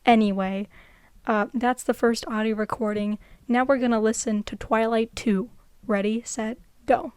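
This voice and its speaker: A woman's voice: on the high side, steady tone, moderate pace, a little mellow, clean tone, no echo, studio quality. A young woman vlogger giving unscripted casual commentary, chatty and rambling, laughing often.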